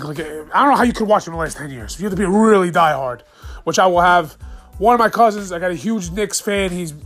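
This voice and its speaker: A man's voice: high-pitched, a bit bright. A man in his thirties from the New York area ranting about his sports teams in a casual, profane, heated podcast monologue.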